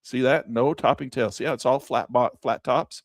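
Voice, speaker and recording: A man teaching day trading over a chart in a folksy, excitable way, with a dry close mic. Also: mid-range voice, normal speed, dry recording. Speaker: trading instructor. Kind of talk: screen-share trading lesson.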